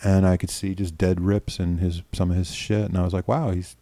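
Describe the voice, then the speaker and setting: A man's voice: sits low, level tone, brisk, mellow, dry recording. A middle-aged man from New York, a filmmaker guest telling stories in a rambling, casual way with lots of restarts and some swearing, on a close podcast mic. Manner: rambling, repeats words and restarts, swears freely. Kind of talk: casual storytelling interview.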